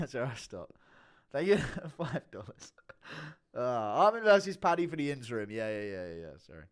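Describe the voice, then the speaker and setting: A man's voice: mid-range voice, sing-song, normal speed. A man doing casual live-stream commentary, swearing often, laughing a lot and talking to his chat. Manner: giggly, profane, talks to chat.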